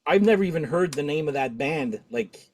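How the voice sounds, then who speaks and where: Chatty middle-aged man, higher voice. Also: moderate pace, a little hiss or hum. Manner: talkative, animated, laughs often. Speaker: podcast host. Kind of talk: casual chat.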